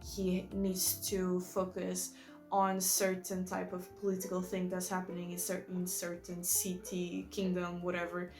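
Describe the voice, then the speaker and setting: A woman's voice: on the low side, completely flat delivery, a little slow, a little mellow, faint music behind. A woman who is not a native English speaker, reviewing books in a rambling, enthusiastic way and often correcting herself. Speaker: book vlogger. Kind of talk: casual book review chat.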